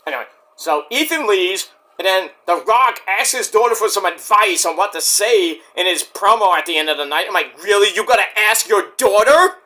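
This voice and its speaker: A man's voice: high-pitched, animated, normal speed, sharp tone. A man reviewing a wrestling show in a casual solo rant, sarcastic and profane, mocking the wrestlers. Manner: sarcastic, profane, mocks wrestlers in put-on voices.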